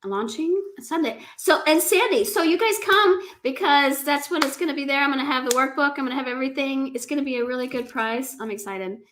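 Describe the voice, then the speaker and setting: A woman's voice: high-pitched, brisk, hardly any pauses, fairly bright tone. A woman from Texas speaking as a guest on a livestream, enthusiastic while getting over a respiratory illness.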